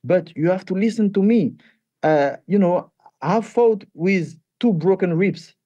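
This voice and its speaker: A male fighter speaks English, mellow and soft-edged in tone, pitched a touch high for a man. He talks haltingly, repeating words and restarting. The sound is dry and slightly dull. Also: no room sound. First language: French. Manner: halting, repeats words, animated when retelling. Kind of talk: interview answers.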